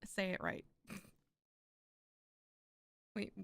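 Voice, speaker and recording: A young woman with a slightly bright voice draws out her words, heard with no echo. She is streaming a poetry reading, reciting poems aloud and drifting into chatty asides with frequent laughs.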